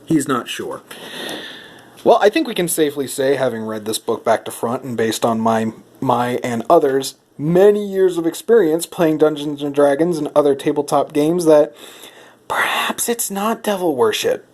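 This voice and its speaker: In a comedic vlog, a man flips through rulebooks and delivers a mock-serious monologue, feigning outrage and questioning a silent companion. His voice is on the high side, expressive, and darkish, at normal speed.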